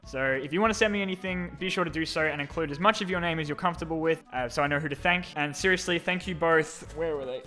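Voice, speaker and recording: A young man with a slightly raised voice hosts a casual Q&A and unboxing video. He is excitable and sarcastic, switching between loud gushing and muttered asides. Soft music plays faintly behind him. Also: on the high side, fast talker, hardly any pauses. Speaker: YouTube host.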